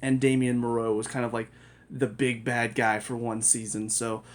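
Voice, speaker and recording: A man's voice: mid-range voice, flat delivery, moderate pace. Rambling male TV reviewer. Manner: rambling, self-correcting, laughs often. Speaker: TV show reviewer. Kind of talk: casual spoken review.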